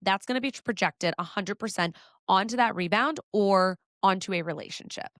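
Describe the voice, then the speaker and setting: A woman's voice: medium pitch, moderate pace, fairly bright tone, no room sound. Blunt, candid woman podcast host, dry sound. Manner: blunt, swears casually, acts out inner voices of listeners. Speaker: podcast host giving dating advice. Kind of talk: candid advice monologue.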